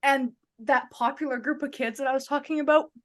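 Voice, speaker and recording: A woman co-hosts a casual podcast, chatting through stories and acting out the lines people said to her. Her voice is high-pitched and steady in tone, and she talks fairly quickly.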